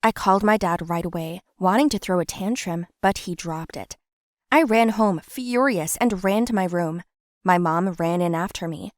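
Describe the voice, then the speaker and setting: A woman's voice: on the low side, normal speed, dry recording, clean studio sound. Young woman narrating a story. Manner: plain, steady first-person telling.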